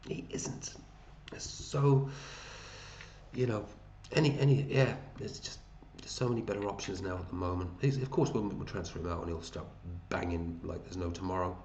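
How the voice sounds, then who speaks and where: A man with a low, darkish voice speaks at normal speed, sounding reverberant, with the highs cut off and slight background noise. Hosting a fantasy football league, he runs through scores over a screen in a casual, matey way, thinking aloud as he goes.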